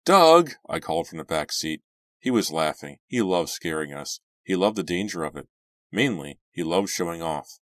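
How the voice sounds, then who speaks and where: A man narrating a horror novel as an audiobook, friendly and measured. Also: low-pitched, no room sound, clean studio sound. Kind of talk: reading a horror novel aloud.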